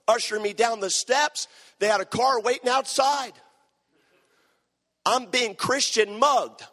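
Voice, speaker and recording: A man preaching, telling a story with animated bursts of shouting and hushed stretches. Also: very high-pitched, measured pace. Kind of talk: sermon storytelling. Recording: long hall reverb.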